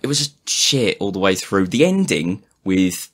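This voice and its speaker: Low-voiced man, loose sweary podcast host who rambles. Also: sing-song, measured pace, fairly bright tone. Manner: rambling, sweary, laughs often. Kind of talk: casual chat.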